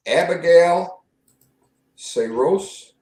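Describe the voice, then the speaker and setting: A man reads viewer names from the chat and greets them in an unhurried way. His mic picks up a roomy echo, with faint background noise behind him. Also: on the high side, expressive. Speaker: co-host reading viewer chat. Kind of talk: casual livestream chat.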